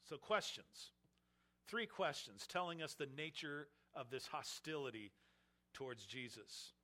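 A man delivers a verse-by-verse sermon with a bright, forceful tone. His voice sits a little high for a man. He animates the text by acting out the scornful questions of the people in the passage. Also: animated, unhurried. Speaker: pastor. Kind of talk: expository sermon.

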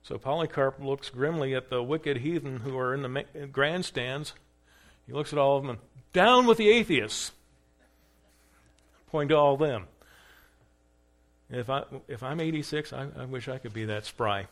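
A man's voice: mid-range voice, steady tone, moderate pace. A man teaching church history in a conversational lecture, asking the class questions and acting out quoted lines. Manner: conversational, acts out quoted dialogue with rising emphasis.

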